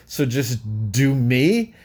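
A man co-hosting a casual podcast with his partner, talking in halting bursts with many fillers and restarts. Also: mid-range voice, very animated, a little mellow. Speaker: podcast co-host. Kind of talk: casual couple chat.

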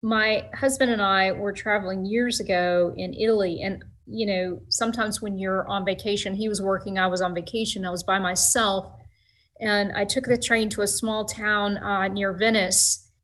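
Female talk show guest with a bright, crisp voice, relaxed and reflective as she tells a story. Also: medium pitch, normal speed, rough recording. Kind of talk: casual storytelling.

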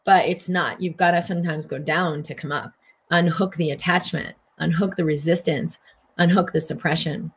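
A middle-aged woman giving a casual spiritual wellness talk in gentle, flowing, affirmation-like phrasing. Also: deep voice, fairly even intonation, moderate pace. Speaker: wellness speaker.

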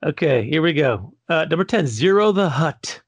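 A man's voice: a little high, lively intonation, moderate pace, husky, no echo. A man hosting a podcast, working through a ranked list in a laid-back way with lots of fillers and some swearing. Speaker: podcast host reading a list. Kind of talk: casual podcast list rundown.

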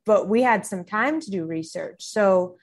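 A woman's voice: mid-range voice, a little slow. A woman co-hosting a podcast in casual chat, candid and talkative. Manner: candid, chatty, reads out posts. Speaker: podcast co-host.

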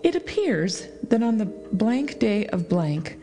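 Mellow-voiced woman reading a story aloud. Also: medium pitch. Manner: expressive storytelling reading with dramatic pauses. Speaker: audiobook reader. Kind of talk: scripted narration.

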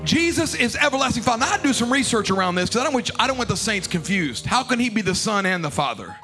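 A man preaching a sermon as bishop at a church service, shouting and singing phrases, calling for responses from the congregation and joking between points. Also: very high-pitched, big pitch swings, fast. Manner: playful joking asides. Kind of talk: sermon with sung refrains. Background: music playing.

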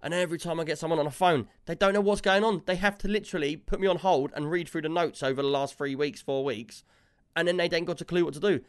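A man with a fairly high, smooth voice talks fast. In a casual chat he tells a long story with lots of animation, repeating in dialogue what the people he argued with said.

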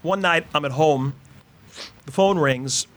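A man's voice: a little high, slow, a bit bright. A Catholic priest in his fifties giving a sermon in a casual, conversational storytelling way, full of fillers and asides. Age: 50s.

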